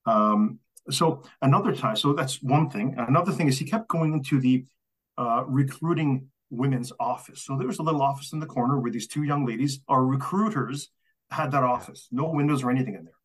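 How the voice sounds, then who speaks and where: A man with a husky, slightly rough voice tells workplace stories on a podcast. He gets animated, acting out the people he quotes and laughing as he goes. The delivery is loose and conversational. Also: mid-range voice, brisk. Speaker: storyteller guest. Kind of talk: casual podcast storytelling.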